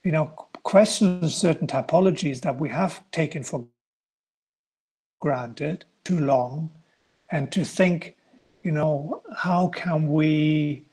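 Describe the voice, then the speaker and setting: Husky-voiced male guest lecturer. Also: a little high, a little mellow. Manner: hesitant, many restarts and fillers. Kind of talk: answering student questions in an online lecture. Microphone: video call.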